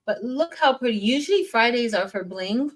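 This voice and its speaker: A woman's voice: on the high side, animated, moderate pace, poor audio. A woman hosting a casual craft livestream, greeting viewers by name in an upbeat, chatty way.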